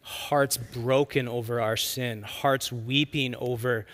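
A man delivers a sermon with a bright, forceful voice. He preaches earnestly and expressively, drawing out important lines for emphasis. His voice sits at an ordinary pitch for a man. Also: steady tone, slow pace. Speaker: pastor.

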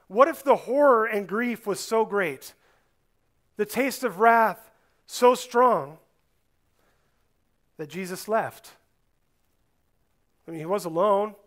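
A male pastor delivers a sermon in a notably high voice and an unhurried, deliberate pace. His delivery is earnest, swelling on emphasized words and sinking low at the close of phrases. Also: a bit bright.

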